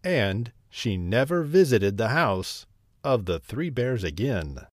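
A man narrating a bedtime story as the host, slow and lively. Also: lowish voice.

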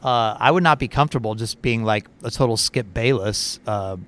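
A man co-hosting a podcast, telling a story in a casual, animated way with plenty of fillers. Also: medium pitch, moderate pace. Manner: animated, chatty, lots of fillers and laughs. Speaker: podcast co-host.

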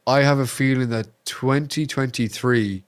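An Irish man, a streamer guest on a podcast, chatting casually and telling animated stories, swearing freely. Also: medium pitch, normal speed. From Ireland. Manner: animated storyteller, swears freely, acts out quotes.

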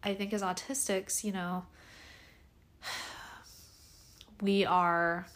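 A woman's voice: medium pitch, flat delivery, very slow, fairly bright tone. A young adult woman hosting a podcast, talking casually and animatedly with lots of fillers and restarts. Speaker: podcast host.

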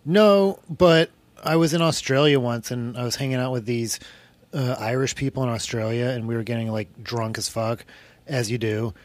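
A man who grew up in New England hosts a podcast and tells anecdotes in a relaxed, matter-of-fact way. His voice sits at an ordinary middle pitch. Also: moderate pace, no echo. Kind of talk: casual podcast chat.

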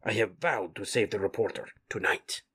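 A man voicing a wise, solemn jaguar mutant in a measured, husky voice, with Spanish words mixed in, for a comic read-aloud. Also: lowish voice, a bit bright, voice pushed down.

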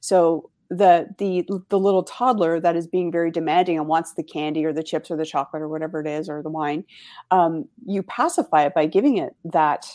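A woman coach in casual conversation who explains ideas through analogies, pausing often with ums. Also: deep voice, fairly even intonation, a little mellow. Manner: thoughtful, uses analogies, many fillers. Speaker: coach with clients.

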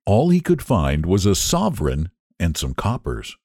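A man narrating a story in a measured, expressive storytelling manner. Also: low-pitched, slightly rough, no room sound, studio quality. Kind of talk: audiobook narration.

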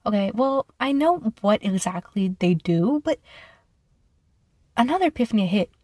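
Young female podcaster, animated and joking, medium voice, dry room. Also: medium pitch, normal speed, dry recording. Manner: animated, playful, rambling. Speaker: podcast host. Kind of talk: casual solo chat.

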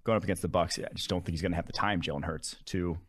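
A man's voice: low-pitched, steady tone. A young man from Wisconsin co-hosting a football podcast in loose, casual chat full of restarts. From Wisconsin, USA. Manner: quick, loose talk with many restarts and fillers. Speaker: football analyst, co-host.

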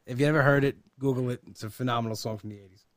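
A man's voice: medium pitch, steady tone, very fast, no room sound, studio quality. A man hosting a podcast, chatting casually in a rambling way with lots of restarts. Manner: rambling, repeats words, laughs often. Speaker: podcast host. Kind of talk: casual chat.

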